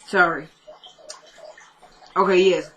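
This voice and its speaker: A woman's voice: lowish voice, steady tone, slow pace, a bit bright, poor audio. Chatty woman recapping a show. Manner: chatty, retells scenes with asides to viewers; laughs often, talks straight to her audience. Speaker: vlogger recapping a TV episode. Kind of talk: casual chat.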